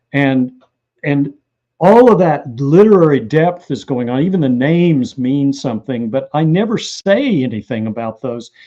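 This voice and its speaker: Mellow-voiced man telling animated anecdotes. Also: medium pitch, highs cut off. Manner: animated anecdotal storyteller who acts out quotes. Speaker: author. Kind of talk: interview storytelling.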